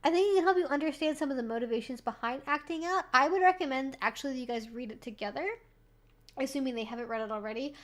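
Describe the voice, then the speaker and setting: A high-pitched woman hosts a live stream, casually chatting as she responds to viewer questions. Her speech is peppered with swearing and "like," and she laughs often between remarks.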